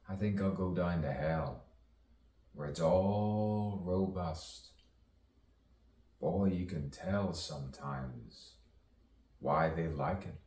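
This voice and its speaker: Man, very deep voice, spoken-word soliloquy, rambling and repetitive, distant mic, echoey room. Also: slow, long pauses, darkish tone. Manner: rambling, musing, repeats phrases, talks to himself.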